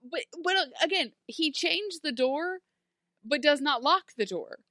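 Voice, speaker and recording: A woman's voice: high-pitched, animated, a little slow, sharp tone, no room sound, studio quality. A woman co-hosting a podcast, recapping a TV episode in casual chat and acting out characters in exaggerated voices.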